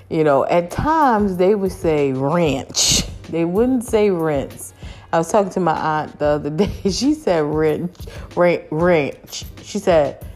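A woman's voice: sits low, darkish tone. A young woman vlogging to her viewers in a chatty, casual way, laughing often and addressing them as y'all.

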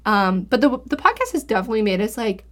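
A woman's voice: medium pitch, big pitch swings, fast talker, a bit bright. A woman co-hosting an advice podcast, talking in a friendly, reflective way with fillers like "you know". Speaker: podcast co-host. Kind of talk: casual advice chat.

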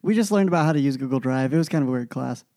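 A young man co-hosting a casual podcast, telling school stories in an animated way and acting out the people he quotes. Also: mid-range voice, racing, dry recording. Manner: animated storyteller, acts out quoted voices. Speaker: podcast co-host. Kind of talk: casual chat.

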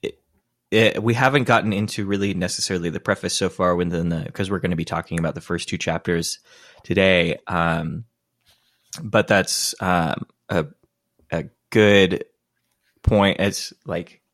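Easygoing low-voiced podcast co-host man. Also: steady tone, moderate pace, a bit bright, no room sound, clean studio sound. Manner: easygoing, hesitant with fillers. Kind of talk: casual book-club chat.

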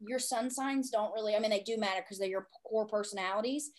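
A woman hosting a casual interview, bubbly and swearing freely, breaking into loud laughter. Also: mid-range voice, steady tone, quick pace. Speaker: podcast host.

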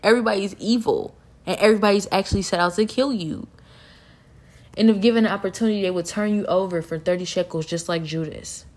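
A woman, talking in a rambling, animated personal monologue, laughing often and sometimes dropping to a near-whisper. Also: mid-range voice, fast.

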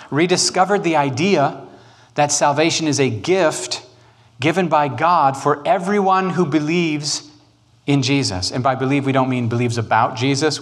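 A man, preaching a sermon on church history in an animated, joking way. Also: medium pitch. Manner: animated, joking, quick asides and put-on quotes. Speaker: pastor.

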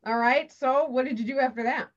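A woman's voice: high voice, a little fast. A woman hosting a podcast interview, reacting with short interjections and follow-up questions. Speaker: podcast host. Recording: dull lo-fi sound.

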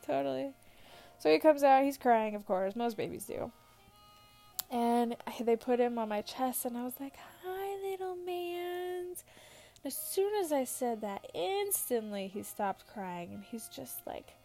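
Chatty young mom with mellow voice. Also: female voice, a little high. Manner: chatty, giggly, lots of "like" fillers. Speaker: new mom answering viewer questions. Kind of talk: casual chat.

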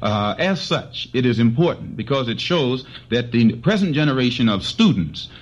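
Man, debate guest, halting speech full of fillers, middle pitch, dull old broadcast sound. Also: very animated. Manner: halting, many "uh" fillers, earnest. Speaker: panel guest. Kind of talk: televised debate.

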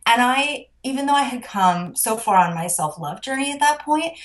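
A woman's voice: on the high side, lively intonation, moderate pace. Woman life coach, guest, earnest, emotional, lots of "like"s, casual storytelling. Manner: earnest and emotional, filler-heavy with many "like"s.

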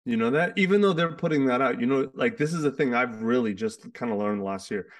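A man's voice: mid-range voice, fairly quick, far from the mic. Male host, loose rambling talker, voice sitting back from the mic. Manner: rambling, many restarts and fillers. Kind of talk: casual conversation. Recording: sits away from the mic.

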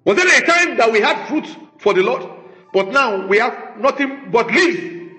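A man's voice: very high voice, lively intonation, a little slow, bright, forceful tone. A man preaching a sermon as pastor, emphatic and rhetorical, scolding his congregation. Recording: echoey room with faint music.

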